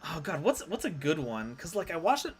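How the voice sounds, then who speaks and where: A man's voice: on the high side, very animated, fairly quick. A man streaming a card game live, rambling and self-deprecating as he chats with his viewers. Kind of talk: live gameplay commentary.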